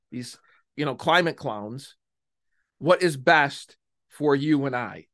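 A man's voice: medium pitch, expressive, takes it slowly, long pauses, fairly bright tone, no room sound, studio quality. A man hosting a solo political podcast, talking in a mocking, emphatic way and drawing out key phrases. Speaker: podcast host.

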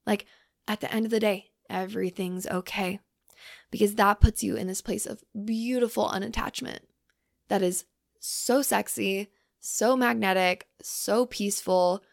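A young woman hosting her own podcast, talking loosely with lots of fillers and the odd swear, softly emphatic. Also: medium pitch, steady tone, a little slow, creaky, dry recording, clean studio sound. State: hungry from fasting. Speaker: podcast host. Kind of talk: casual solo podcast talk.

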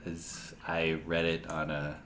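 A podcast guest, a man with a very low voice, walks through a theory slowly and methodically. Clear background noise runs beneath him. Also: completely flat delivery, a bit bright. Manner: explanatory, measured. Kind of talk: casual podcast chat.

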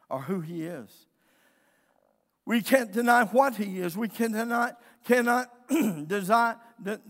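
A male pastor preaching a fervent Sunday sermon, often clearing his throat. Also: high-pitched, fairly bright tone, in a large hall.

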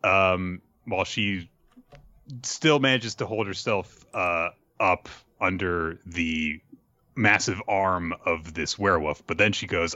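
This podcast host has a low-pitched, sharp voice with lively intonation, and he moves at a measured pace. He recaps an episode in a wry, rambling style packed with fillers, recorded dry and slightly dull with no echo.

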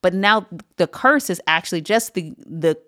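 Lady pastor teaching from the bible, kinda low voice, earnest and emphatic. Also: lively intonation, bright, forceful tone. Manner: earnest, emphatic, with frequent "um" pauses.

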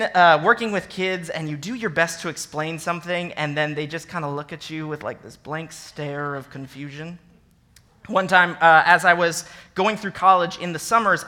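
Brief: young male minister, bright forward voice, chatty animated sermon delivery with sarcastic asides. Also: sits high. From American Midwest. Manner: animated and conversational, acts out scripture with sarcastic emphasis. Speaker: associate minister.

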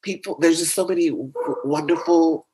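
A man being interviewed in a casual conversation, talking in a playful, animated way that jumps into high comic voices. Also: normal speed, slightly rough, rough recording. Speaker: interview guest.

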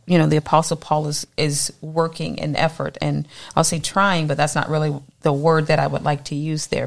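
A woman leading a morning Bible study, teaching with animated energy and acting out voices in her quotes. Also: deep voice, creaky.

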